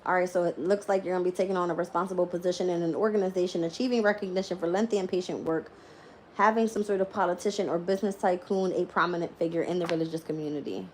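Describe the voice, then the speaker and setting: A woman's voice: lowish voice, fairly even intonation, fast, darkish tone, slight background noise. Tired, laughing woman tarot reader. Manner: laughs often, swears casually. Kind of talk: live-stream tarot reading and casual chat.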